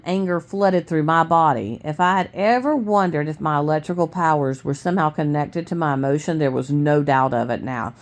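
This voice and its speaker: A woman with a very low voice reads a novel aloud in a dark room at home. She stumbles and corrects herself often. She keeps the characters' voices close to her own. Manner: unpolished reading with restarts and self-corrections; low-key, mostly plain voice for the characters. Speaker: reader of a novel. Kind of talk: reading a book aloud at home.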